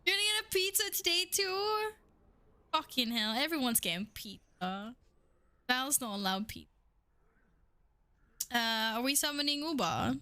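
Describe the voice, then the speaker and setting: A woman's voice: high-pitched, animated, unhurried, pauses often, bright, forceful tone, dry recording. A young woman streaming a game, chatting casually with her viewers, playful, swearing freely and laughing often. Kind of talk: casual live-stream chat.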